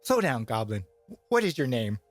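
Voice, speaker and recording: A man's voice: mid-range voice, big pitch swings, moderate pace, no room sound, soft background music, lightly acted. A man voicing a sly, bargaining old woman with a cane in a tabletop game, teasing and bossy.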